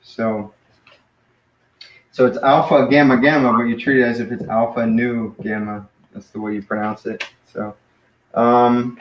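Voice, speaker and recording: A man's voice: medium pitch, steady tone, a little slow, dull audio. Casual man teaching in a roomy space. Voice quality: hesitant, many fillers and restarts, self-correcting. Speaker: Greek teacher.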